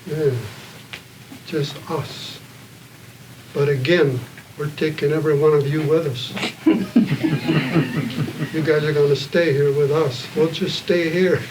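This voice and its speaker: A man telling stories at a community panel evening, earnest and plain-spoken, pausing often. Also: fairly high pitch, fairly even intonation. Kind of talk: heartfelt public storytelling. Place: gathering room with an audience. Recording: distant mic, faint room noise.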